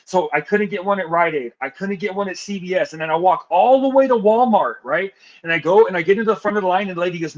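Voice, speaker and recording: A man's voice: high voice, quick pace, few pauses. Slangy young man telling his story. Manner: animated storyteller, slangy, calls people bro and dude. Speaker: podcast guest. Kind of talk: casual storytelling. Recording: dull lo-fi sound.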